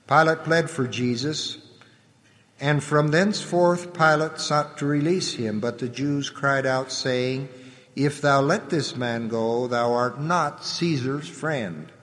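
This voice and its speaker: A man giving a solemn, measured scripture reading, letting his voice drop at the ends of phrases. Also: medium pitch, fairly bright tone. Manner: measured, reverent delivery with the voice dropping at phrase ends. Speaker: scripture reader. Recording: long hall reverb.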